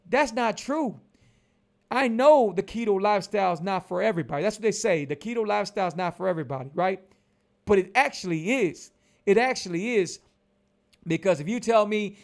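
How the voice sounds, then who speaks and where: Gravelly high-ish guy in his 40s, vlogging, pushy and repetitive about his diet. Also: expressive, a little fast. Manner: emphatic, repetitive, preachy. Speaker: keto lifestyle vlogger. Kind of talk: casual motivational vlog talk.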